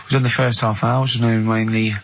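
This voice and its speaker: A man's voice: mid-range voice, level tone, fairly quick, vocal fry. A man hosting a radio show, joking around and laughing often in casual banter. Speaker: radio host.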